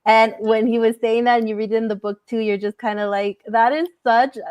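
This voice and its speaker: A woman co-hosting a casual movie review podcast, animated, laughing often and acting out quotes from the story. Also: on the high side, brisk, clean tone, dry recording. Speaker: podcast co-host.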